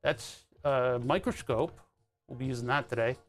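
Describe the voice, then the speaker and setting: A man's voice: mid-range voice, moderate pace. A man casually rambling and joking on a stream from his home workbench, sardonic and full of restarts. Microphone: desk webcam setup.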